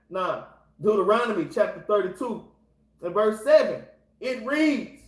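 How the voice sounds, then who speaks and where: A Bible class teacher leads an informal scripture class, speaking casually, exhorting his listeners and constantly repeating the same filler address. His voice sits high. The audio is poor, with an echoey room.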